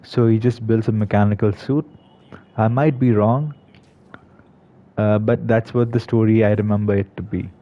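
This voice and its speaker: A man's voice: lowish voice, steady tone, normal speed, pauses often. A man giving casual commentary on a game, hesitant, with many fillers and restarts. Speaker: gaming video creator. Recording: slightly dull lo-fi recording.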